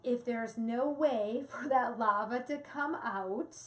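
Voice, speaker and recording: A woman's voice: fairly high pitch, slow, fairly bright tone. A woman co-hosting a parenting talk, chatting casually, laughing often and explaining with examples. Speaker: co-host, parenting presenter. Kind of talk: casual educational chat. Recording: echoey room with faint ambient noise.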